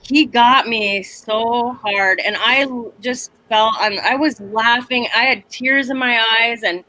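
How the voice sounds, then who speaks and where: A woman comedian and teacher telling a story on a video call, animated and laughing, acting out voices. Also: fairly high pitch, takes it slowly, a little hiss or hum, low-quality recording. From Minneapolis area.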